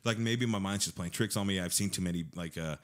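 A man with a very low voice rushes through a story in casual podcast talk. He swears a lot and acts out the lines of people in the story. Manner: swearing, animated storytelling with acted-out quotes. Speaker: podcast guest.

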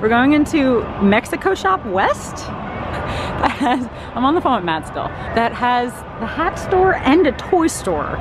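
A woman filming a giggly, excited travel vlog on her phone outdoors at a roadside attraction. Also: fairly high pitch, moderate pace, music in the background, a crowd in the background. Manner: giggly, easily amazed, chatty. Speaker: vlogger. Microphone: phone camera held in hand.

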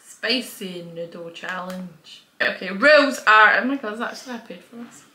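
A woman's voice: medium pitch, normal speed, sharp tone, reverberant. A middle-aged woman with a Scottish accent, hosting a casual home vlog in a chatty, giggly, nervous way. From Scotland. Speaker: vlogger host. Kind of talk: casual chat to camera. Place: room at home.

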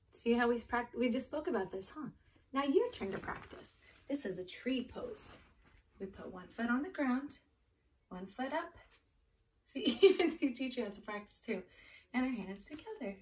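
A woman reading a picture book and leading a children's yoga class, encouraging the kids in simple words. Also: a little high. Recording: distant mic, faint background noise.

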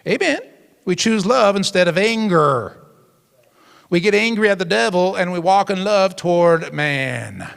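A male pastor delivers an emphatic sermon to a youth group, prodding the listeners with quick call-and-response asides. His voice sits somewhat high for a man and carries a gravelly edge. The sound hangs in a long hall reverb. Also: lively intonation, a bit bright. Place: church hall.

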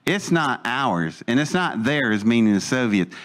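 A man's voice: mid-range voice, very animated, unhurried. A man telling a personal story in casual speech, acting out the voices he quotes and laughing as he goes. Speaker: storyteller recounting his own experience.

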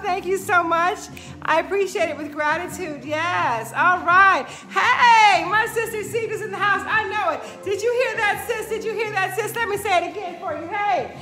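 Very high, bright-voiced upbeat fitness host. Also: female voice. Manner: upbeat and emphatic, tags lines with "right?", repeats phrases; greets viewers by name mid-talk. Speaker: fitness instructor hosting a live workout stream. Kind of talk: motivational live-stream talk.

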